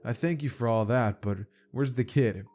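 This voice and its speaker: A man voicing a calm, blunt male martial artist who speaks slowly and flatly. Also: medium pitch, soft background music, close to an everyday voice.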